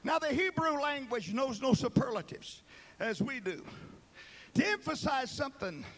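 A man preaching a sermon, swinging between fervent shouting and hushed, slow emphasis, with dramatic repeated words. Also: very high voice, expressive.

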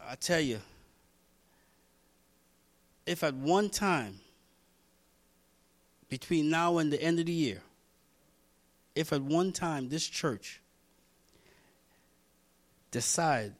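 A man preaching a sermon, reading scripture and repeating lines as he builds toward shouting. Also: a little high. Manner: reads scripture aloud, talks to congregation by name. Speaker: pastor.

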